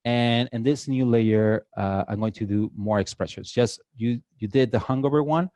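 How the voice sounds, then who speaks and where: A man's voice: medium pitch, normal speed, dark tone, dry recording. A man with a Mexican accent giving a live drawing workshop to an audience, chatty and joking with many filler uhs. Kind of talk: casual live demo talk to an audience. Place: event hall with an audience.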